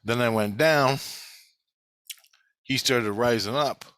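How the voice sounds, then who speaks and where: A vlogger rambles through a first-person account of his spiritual experiences, swearing freely and restlessly restarting and correcting his sentences. His medium-pitched voice is a bit bright and unhurried, recorded dry.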